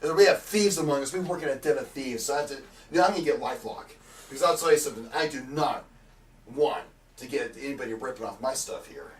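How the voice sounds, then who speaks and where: A man's voice: mid-range voice, quick pace, recorded from a distance, a little hiss or hum. A man commentating on a wrestling show in a boastful, pompous tone, recorded a bit away from the mic. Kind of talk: bombastic promo commentary.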